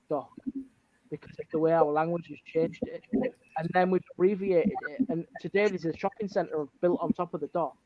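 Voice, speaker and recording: A man's voice: a little high, highs cut off. A man with a Hull accent who drops his H's, a chatty storyteller who is a guest on the show. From Hull, England. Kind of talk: casual chat.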